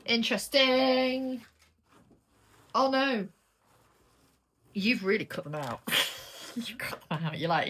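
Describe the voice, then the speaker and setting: A woman's voice: a little high, takes it slowly, long pauses, fairly bright tone. A woman with a British accent giving a casual, chatty tarot reading, blunt and sweary as she turns the cards. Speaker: tarot reader.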